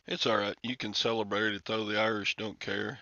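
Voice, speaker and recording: Older man, livestream host; bright, forceful gravelly voice, slow rambling chat. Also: fairly low pitch, no echo. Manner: rambling, chuckling, sighing. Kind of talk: casual chat with viewers. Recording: dull lo-fi, dry sound.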